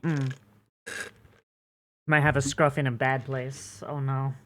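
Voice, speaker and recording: Low-voiced woman running a tabletop game. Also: level tone, slow pace, fairly bright tone. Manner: casual, rambling, heavy on fillers. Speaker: game master.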